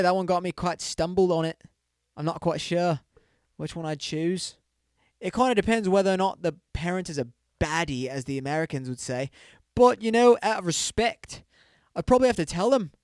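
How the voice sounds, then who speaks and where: A man's voice: sits high, normal speed, pauses often, no room sound, studio quality, voice pushed up, lightly acted. A young man putting on a put-on English accent, playing a cheeky English bloke musing over a dilemma.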